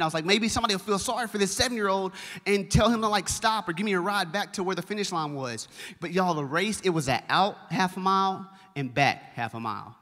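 A young male pastor with a high, bright voice tells a story from the pulpit, lively and conversational, talking straight to the people in front of him. His voice rings out with the long echo of a large church hall. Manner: animated, conversational, addresses the congregation directly. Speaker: children's pastor. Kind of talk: storytelling sermon.

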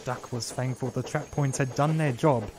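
A man's voice: mid-range voice, normal speed. Man narrating a storybook over music. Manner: calm, steady storytelling.

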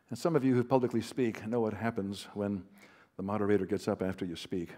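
A man's voice: fairly low pitch, fairly even intonation, fairly quick, dark tone. A man, a Christian author and counselor, giving a conversational teaching talk to a large live audience, mixing anecdotes with self-deprecating humor. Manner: conversational, with fillers and restarts.

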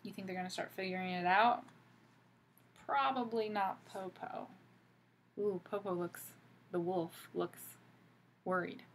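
A woman teacher reading a picture book aloud to children, pausing gently to ask them questions. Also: mid-range voice, fairly even intonation, slight background noise.

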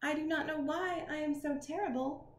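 A woman reading a picture book aloud in the voice of a gentle, puzzled young male T. rex, speaking slowly and deliberately. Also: high voice, fairly even intonation, pitched above the performer's own voice, lightly acted. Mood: wondering. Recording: roomy with faint noise.

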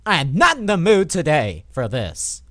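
Young dude doing a lets play, swears and yells at the game a lot, pitch jumps all over, dry sound. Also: male voice, wildly swooping pitch, normal speed, dry recording. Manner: swears and yells at the game, then goes quiet. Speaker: gamer. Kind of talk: casual let's play commentary.

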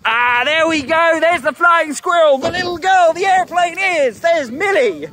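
A Glaswegian woman, a professional dog walker, narrating a casual vlog outdoors in the fields and breaking into high sing-song baby talk with the dogs. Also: measured pace, a bit bright, slight background noise. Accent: Glaswegian Scottish. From Glasgow, Scotland.

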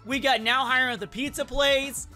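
A woman giving chatty, excitable let's-play commentary and talking to the game characters as a gaming YouTuber. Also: high voice, normal speed, soft background music.

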